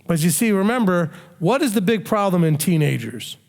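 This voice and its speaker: High-voiced man teaching in a hall. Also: moderate pace, vocal fry. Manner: calm, explanatory, acts out quoted parents. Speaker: rabbi teaching a Q&A. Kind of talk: sermon-style Q&A teaching.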